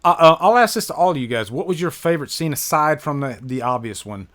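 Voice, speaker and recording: A man's voice: fairly high pitch, lively intonation, fast, a bit bright. A man hosting a casual movie discussion, enthusiastically asking his guests for their favorite moments. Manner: enthusiastic, asks guests questions. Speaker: podcast host.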